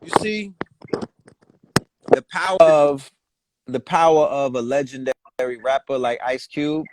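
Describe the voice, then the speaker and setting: A man's voice: on the high side, measured pace, noisy background. A man on a casual podcast, speaking as guest with impassioned, preachy emphasis. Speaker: guest commentator.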